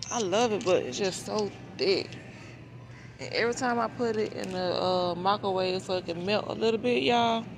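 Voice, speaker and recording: A woman chatting casually to her viewers while she shops in a large supermarket, thinking aloud about prices as she goes. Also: mid-range voice. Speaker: shopping vlogger. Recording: noisy store background.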